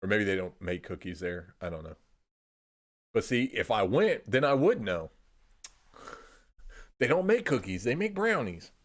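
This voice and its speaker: A man's voice: on the low side, sing-song, unhurried, long pauses. A young man from Indiana streaming casual rambling chat, laid-back, swearing freely and trailing off into "I don't know.". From Indiana, USA.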